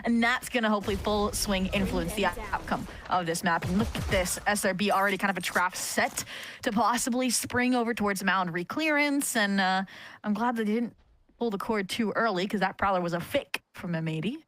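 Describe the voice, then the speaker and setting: A woman giving analysis during an esports broadcast, talking in an animated way with frequent "like" and "right?". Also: medium pitch, fairly quick. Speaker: esports caster. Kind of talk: esports color commentary.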